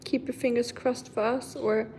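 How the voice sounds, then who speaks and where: A woman's voice: on the high side, flat delivery, normal speed, darkish tone, slight background noise. A woman from Germany, chatting casually with viewers on her livestream and answering their comments. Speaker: livestream host. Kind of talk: casual live chat with viewers.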